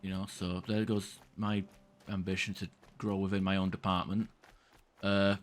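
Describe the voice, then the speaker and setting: A man's voice: low voice, flat delivery, normal speed. A man streaming a game, rambling casually and venting in frustration, with occasional swearing. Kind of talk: casual gameplay chat.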